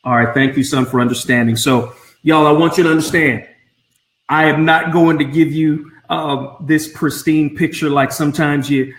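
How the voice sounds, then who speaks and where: A man coaching blended families on a live stream from home, speaking earnestly and often repeating his words. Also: mid-range voice. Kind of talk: Facebook Live talk. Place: home room. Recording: roomy echo.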